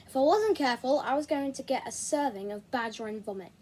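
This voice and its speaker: A woman reading a children's novel aloud in an expressive, animated way. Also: sits high, a little fast. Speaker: reader.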